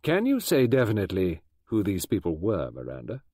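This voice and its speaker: A man's voice: fairly low pitch, huge pitch swings, a little fast, dark tone, slightly rough, no echo, clean studio sound, pitched below the performer's own voice, exaggerated voice. A man voicing a stern male chief constable who asks short, terse questions in an audiobook. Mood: questioning. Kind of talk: audiobook character voice.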